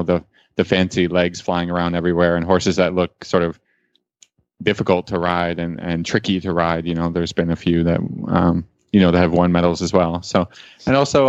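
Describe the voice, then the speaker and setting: A man's voice: deep voice, clear, resonant tone, dry recording, highs cut off. A man guesting on a radio show, talking in a rambling, thoughtful way with many fillers. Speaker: guest, dressage show host. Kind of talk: casual radio conversation.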